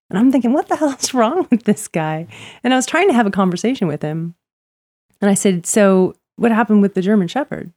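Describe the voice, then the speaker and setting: A woman's voice: fairly low pitch, darkish tone, no echo. A woman chatting casually, telling stories about her neighbors, acting out their lines and laughing often. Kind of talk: casual chat.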